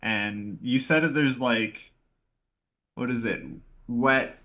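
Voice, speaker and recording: Slow-talking bright-voiced man player. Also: mid-range voice. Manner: slow, vivid describing of his character's actions. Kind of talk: tabletop role-play.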